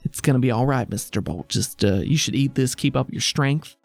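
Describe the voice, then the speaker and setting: A man's voice: medium pitch, animated, fairly quick, vocal fry, dry recording, soft background music. A man voicing a fawning male sidekick who coaxes his boss to eat. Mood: coaxing. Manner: soothing, coaxing.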